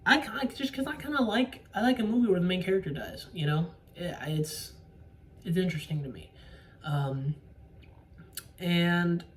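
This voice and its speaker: A casual vlogger recapping a movie's ending with spoilers, rambling and swearing, often sidetracked. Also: mid-range voice. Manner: rambling, profane, easily sidetracked. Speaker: solo movie reviewer. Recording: distant mic with faint room noise.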